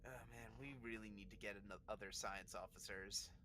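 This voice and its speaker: A man's voice: fairly low pitch, fairly even intonation, a little fast, background noise. A man playing in a tabletop role-playing game, chatting casually with the group. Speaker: player.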